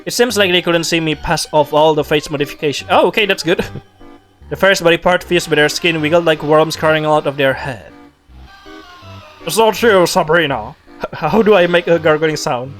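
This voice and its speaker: Man reading game text aloud, quick asides, fairly high voice, music underneath. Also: fairly bright tone. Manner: breaks off narration for quick reactions. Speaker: gamer reading a visual novel aloud.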